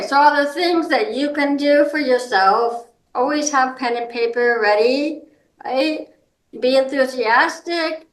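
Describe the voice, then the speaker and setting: Woman speaking a bit high, roomy echo. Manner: informal, halting, with frequent um fillers and restarts. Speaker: guest, hard of hearing and seniors advocate. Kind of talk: explanatory advice talk.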